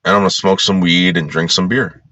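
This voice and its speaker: A man from the New York area with a very low voice that still cuts through with a bright, forceful edge. He narrates a casual tour in a blunt, rambling, crude way, like a vlogger talking to his viewers. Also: steady tone, a little fast, dry recording, highs cut off.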